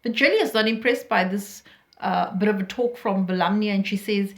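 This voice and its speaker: A woman's voice: on the high side, unhurried. Woman teacher patiently explaining a play. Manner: patient paraphrasing with fillers. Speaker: literature teacher.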